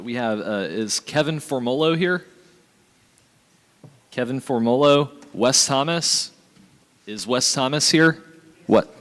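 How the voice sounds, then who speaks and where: A man chairing a committee hearing. He works through the procedure, calling out names and pausing with fillers. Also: medium pitch, fairly bright tone. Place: large convention hall. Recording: echoey large convention hall.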